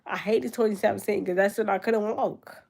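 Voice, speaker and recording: A woman's voice: medium pitch, fairly even intonation, moderate pace, gravelly, a little mellow. A young woman talking casually and reflectively to camera in a room at home, loose and conversational with many fillers. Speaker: vlogger. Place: her grandmother's room at home.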